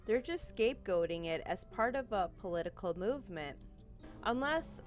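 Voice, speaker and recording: Expressive woman reading through a game. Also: medium pitch, moderate pace, soft background music. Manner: expressive, anxious and swears casually. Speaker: game streamer. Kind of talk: reading and reacting to a visual novel.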